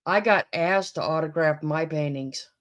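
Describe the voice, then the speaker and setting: A woman co-hosting a casual chat, talking in a chatty way with quick asides. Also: low voice. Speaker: channel co-host.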